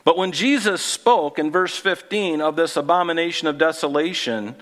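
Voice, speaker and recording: A male pastor preaching a sermon in a conversational way, asking the congregation questions and dropping low and quiet for emphasis.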